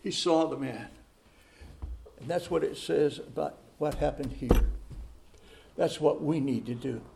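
A pastor preaching a sermon, repeating phrases for emphasis and reading scripture aloud with rising force. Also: male voice, a little high, measured pace, gravelly, noisy background. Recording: roomy echo.

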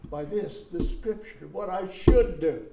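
A pastor preaching a sermon, repeating phrases for emphasis and reading scripture aloud with rising force. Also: male voice, sits high, unhurried, creaky, very noisy. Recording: roomy echo.

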